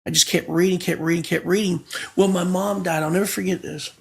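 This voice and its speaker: High, gravelly pastor telling his story. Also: fairly even intonation, brisk. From Florida, USA. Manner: vivid storyteller acting out quoted dialogue, emphatic. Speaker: pastor telling his testimony as a podcast guest. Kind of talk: conversational testimony storytelling.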